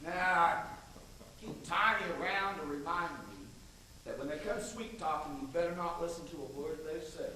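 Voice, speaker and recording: An actor playing a brash, domineering state governor, swaggering and coarse, on an echoey stage recorded from afar. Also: male voice, on the high side, lively intonation, moderate pace, pushed and bright. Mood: forceful. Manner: swaggering, boisterous, coarse and persuasive. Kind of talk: stage play acting. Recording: echoey stage miked from far, faint noise.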